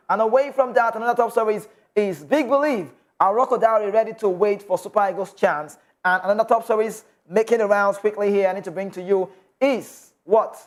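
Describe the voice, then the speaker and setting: A man with a Nigerian accent hosting a football news show, chatty and loose, slipping into pidgin asides. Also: high voice. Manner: chatty, mixes in pidgin asides, laughs often. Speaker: sports show host. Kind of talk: casual football news commentary.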